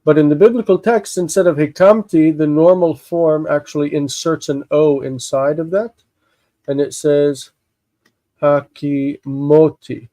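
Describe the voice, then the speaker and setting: A man with congested sinuses, slowly explaining a Bible text in a live lesson, halting and thinking aloud with many fillers. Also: fairly high pitch, steady tone, warm tone, no room sound, low-quality recording. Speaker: Hebrew teacher.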